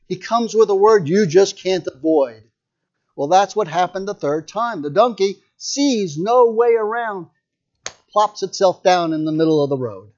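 Preacher, male, high voice, chatty storytelling sermon, muffled lo-fi recording. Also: a little mellow. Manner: storytelling, conversational asides.

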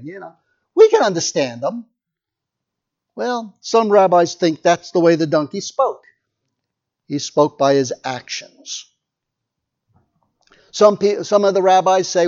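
Preacher, male, high voice, chatty storytelling sermon, muffled lo-fi recording. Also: lively intonation, unhurried, pauses often, darkish tone. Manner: storytelling, conversational asides.

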